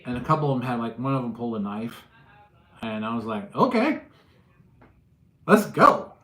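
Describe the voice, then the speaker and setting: A man's voice: medium pitch, fast. Guy chatting on his livestream, acts out the quotes, kinda echoey room. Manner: animated storyteller, acts out quotes. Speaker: livestream host. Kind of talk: casual livestream chat.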